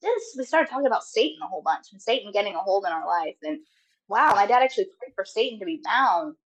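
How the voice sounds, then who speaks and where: A woman's voice: mid-range voice, animated, fast talker, poor audio. A young woman guest on a podcast, talking casually in a rambling, hesitant way with many fillers. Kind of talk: casual chat.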